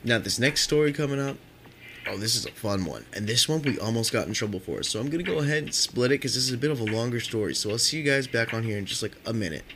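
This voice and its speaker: A man's voice: medium pitch, lively intonation, fast, noisy background. A young man telling casual stories on his podcast in a rambling, profane way, filling his talk with "like". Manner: rambling and profane, heavy use of "like". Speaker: podcast storyteller.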